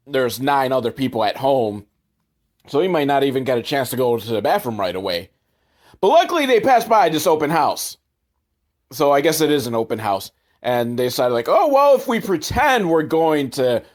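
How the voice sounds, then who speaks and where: A man host sarcastically recapping a movie, swearing a lot and mocking the characters in put-on voices. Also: medium pitch. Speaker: comedy podcast host.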